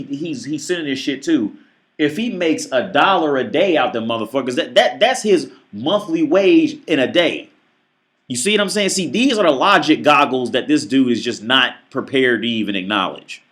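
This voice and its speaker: A man's voice: mid-range voice, fairly bright tone. A man ranting through a reaction video commentary, profane and emphatic, often stammering and restarting his sentences.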